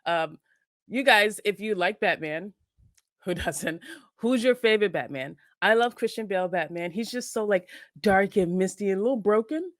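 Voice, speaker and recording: A woman's voice: medium pitch, normal speed, dry recording. Joking woman co-host, dry close sound. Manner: playful, joking with mock seriousness. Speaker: co-host of a morning show. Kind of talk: casual chat.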